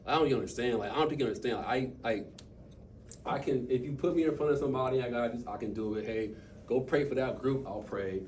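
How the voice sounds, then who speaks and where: A man telling stories and coaching his team in an impromptu motivational talk, animated, with quick bursts and trailing asides. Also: medium pitch, far from the mic, slight background noise. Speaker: speaker at a team meeting.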